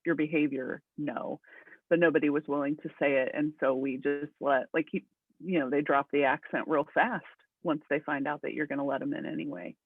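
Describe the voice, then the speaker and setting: A man's voice: a little high, fairly even intonation, dry recording. Thoughtful man pastor on a tinny line. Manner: thoughtful, measured, hedging. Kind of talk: casual podcast discussion. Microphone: video call. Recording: dry, tinny call audio.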